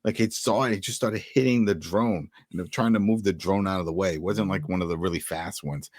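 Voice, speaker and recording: Deep-voiced man in casual recap chat. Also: brisk, no echo, studio quality. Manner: animated, retells scenes in bursts with restarts. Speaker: podcast co-host.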